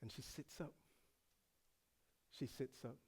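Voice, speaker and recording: A middle-aged male pastor from England preaching a sermon, telling the story dramatically and swinging from hushed to loud. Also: medium pitch, fairly even intonation, slow pace, husky.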